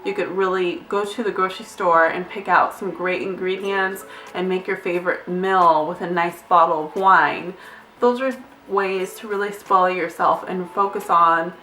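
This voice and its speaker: A woman's voice: lowish voice, steady tone, moderate pace, bright, forceful tone, roomy sound, far from the mic, soft background music. A young adult woman, a nurse, giving candid, chatty advice in a casual vlog, now and then glancing at notes and swearing lightly. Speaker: nurse vlogger.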